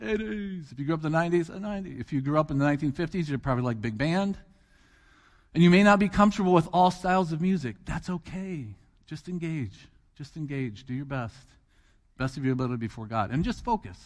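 A man's voice: a little high, animated, fast talker, big-room sound. A middle-aged man preaching a sermon as guest preacher, talking in a conversational way, asking the congregation questions and repeating phrases for emphasis. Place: church hall.

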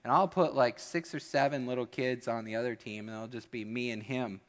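A man's voice: mid-range voice, steady tone, brisk. A male pastor delivering a sermon in a church, telling a funny story and acting out the people in it. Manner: humorous storytelling with acted-out voices. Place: church sanctuary. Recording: long church hall reverb.

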